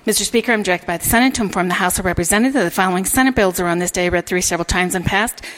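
A woman working as a legislative reading clerk, reciting bill numbers and messages in a steady, measured way. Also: fairly low pitch. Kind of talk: formal reading of legislative notices.

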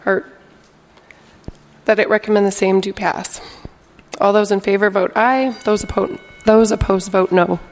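A woman chairing a legislative committee, calling votes in a calm, deliberate procedural manner. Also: mid-range voice. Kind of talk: formal parliamentary procedure.

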